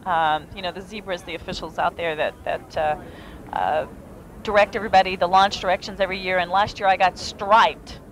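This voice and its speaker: A woman's voice: on the low side, steady tone, fairly quick, fairly bright tone, slight background noise. A woman co-anchoring live outdoor TV coverage of an event, conversational and informative. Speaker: TV news anchor. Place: outdoors at a festival field.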